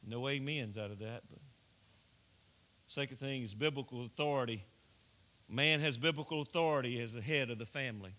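Pastor, male, middle-aged; earnest sermon delivery, hushed then rising; bright tone. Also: medium pitch, a little fast, long pauses. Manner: earnest preaching, swings between hushed and raised.

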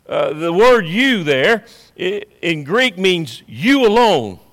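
A man's voice: a little high, sing-song, slow pace, fairly bright tone, big-room sound. A man preaching a sermon as pastor, emphatic and repetitive, swelling and dropping in intensity.

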